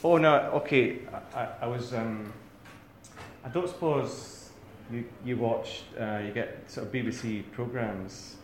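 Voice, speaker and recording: A man's voice: mid-range voice, unhurried, echoey room, slight background noise, poor audio. A man with a Scottish accent giving a talk to a live audience in a rambling, self-deprecating way, full of restarts. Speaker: academic speaker.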